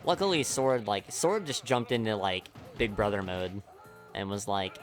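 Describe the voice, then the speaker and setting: Rambling young man, low voice. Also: normal speed, soft background music. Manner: rambling, leans heavily on "like", laughs often, swears. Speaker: speedrunner streamer. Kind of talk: casual stream chat.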